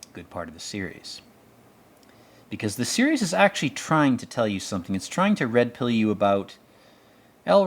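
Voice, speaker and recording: A man with a fairly low voice talks over a TV episode in loose, rambling commentary. He is sardonic and swears casually, and he riffs as he watches. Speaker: show commentator.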